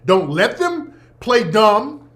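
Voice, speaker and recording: A man with a notably high voice talks as host of his own show. His commentary is emphatic and preachy, full of profanity and repeated points, delivered in a loose, casual manner. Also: very animated, slow, fairly bright tone.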